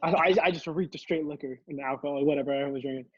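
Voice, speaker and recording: A man's voice: fairly high pitch, fast, a bit bright, no room sound, dull audio. A young man, a podcast co-host, telling a long story in casual chat, rambling and laughing, with many restarts. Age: young adult.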